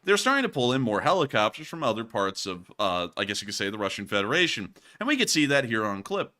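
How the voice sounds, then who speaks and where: A man's voice: medium pitch, sing-song, quick pace, sharp tone. A man casually commenting over war footage as host, joking and rambling and laughing at his own slips. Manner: jokey, rambling, laughs at himself.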